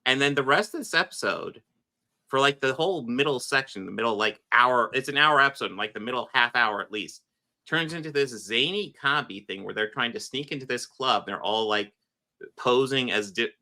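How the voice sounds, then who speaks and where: A man's voice: mid-range voice, animated, brisk, bright, forceful tone. A man hosting a casual chat about a TV series, rambling, swearing and laughing often.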